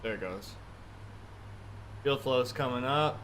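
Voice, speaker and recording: A man's voice: medium pitch, slow, fairly bright tone, a little hiss or hum. Chatty male flight sim streamer. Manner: chatty, thinking aloud through checklists. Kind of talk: casual live-stream commentary.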